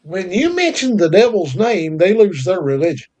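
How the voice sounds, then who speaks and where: A man's voice: sits high, very animated, normal speed, a little mellow. A man from North Carolina, co-hosting a casual podcast chat in a folksy storytelling way. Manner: folksy, drawling storyteller with country sayings. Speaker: podcast co-host.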